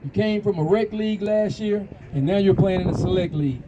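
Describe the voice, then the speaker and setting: A man's voice: high voice, fairly quick, highs cut off, noisy background. A man hosting a youth football show, interviewing players and coaches outdoors at a field with upbeat, punchy promoter's hype. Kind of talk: sideline interview after a game.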